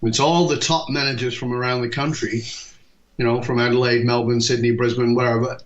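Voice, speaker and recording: This leadership speaker from England, a man in his fifties, speaks at medium pitch in a lively storytelling interview. He performs the dialogue he quotes and drops in quick asides, all on dull, lo-fi podcast audio.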